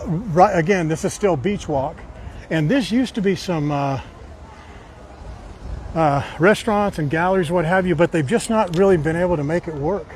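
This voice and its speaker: A man's voice: on the high side, darkish tone. Chatty man live streaming a street walk. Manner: chatty, rambling, with fillers and storytelling. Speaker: live streamer walking tour guide. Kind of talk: casual walking live stream. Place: outdoors on a city street. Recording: faint street noise outdoors.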